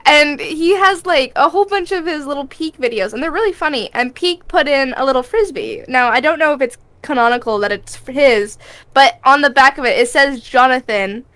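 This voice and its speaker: A chatty woman with a high voice, teasing her friends and giggling through a relaxed podcast conversation. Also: brisk. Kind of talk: casual chat among friends.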